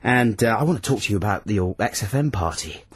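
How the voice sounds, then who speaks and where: A man's voice: lowish voice, animated, fast talker, husky. A man co-hosting a radio show in a studio, teasing and playful in casual banter. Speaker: radio co-host.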